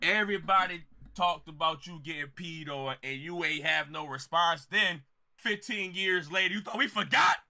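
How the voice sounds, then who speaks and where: A man hosting a reaction video, loud and laughing, repeating punchlines as he reacts. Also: fairly high pitch, moderate pace. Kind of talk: excited reaction commentary.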